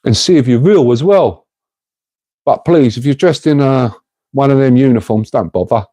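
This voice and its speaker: A man's voice: mid-range voice, normal speed, dark tone, dry recording. A middle-aged man, hosting a casual livestream and talking to viewers in an earnest, rambling way. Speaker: livestream host.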